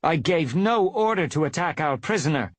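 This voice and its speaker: A man voicing a stern she-cat clan leader in a measured, menacing way during a live reading of a cat novel. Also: a little high, expressive, no room sound, voice pushed up, natural voice.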